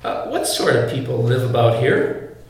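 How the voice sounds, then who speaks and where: A man's voice: mid-range voice, big pitch swings, normal speed. A man putting on the voice of a timid, polite young girl asking questions from a storybook. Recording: very echoey, from far off.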